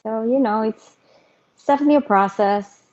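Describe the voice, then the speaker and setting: A middle-aged woman telling her personal story as an interview guest, candid and animated. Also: a little high, fairly quick. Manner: candid, animated, mimics others. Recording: muffled lo-fi audio.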